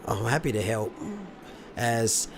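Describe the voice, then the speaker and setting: A man's voice: mid-range voice, fairly even intonation, takes it slowly, slight background noise. A man casually commentating an online sim race, chatty and joking. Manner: chatty, joking, giving advice.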